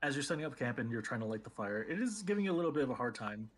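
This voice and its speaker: A man's voice: mid-range voice, sing-song, very fast. A man narrating as game master of a tabletop game, talking hesitantly with many fillers.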